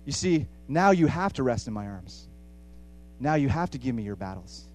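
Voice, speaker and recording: A man preaching a sermon with passion, repeating phrases for emphasis and swinging between hushed and loud. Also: mid-range voice, sing-song, moderate pace.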